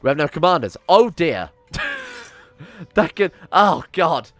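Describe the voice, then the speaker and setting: A man's voice: fairly high pitch, sing-song, a little slow, fairly bright tone. A young man giving casual, exasperated game commentary, swearing and ranting theatrically. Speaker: game streamer.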